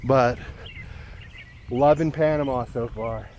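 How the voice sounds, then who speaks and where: A man's voice: mid-range voice, slow pace, darkish tone, lo-fi sound, a little hiss or hum. A man hosting a travel vlog, chatting casually and with enthusiasm to the camera as he walks a mountain trail. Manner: easygoing, chatty, enthusiastic about the sights. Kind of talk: casual walking narration to camera.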